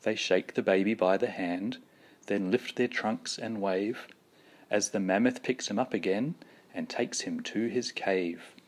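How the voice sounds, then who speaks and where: A man with a low voice reads a children's picture book aloud. He takes his time, pausing deliberately and giving the rhyming lines an expressive, storyteller's lift. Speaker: storybook reader.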